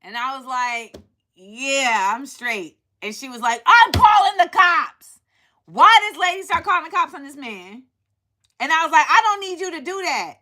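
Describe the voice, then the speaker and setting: A woman's voice: high voice, moderate pace. A woman from Harlem, hosting a casual chat and animatedly acting out the people in her stories. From Harlem, New York. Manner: animated, acts out quoted voices. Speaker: host.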